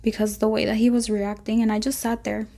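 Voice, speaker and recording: Gravelly-voiced woman telling a story. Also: fairly high pitch, little pitch movement, a little fast, warm tone. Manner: rambling storytelling, acts out dialogue with "da, da, da". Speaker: vlogger. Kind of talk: casual storytime vlog.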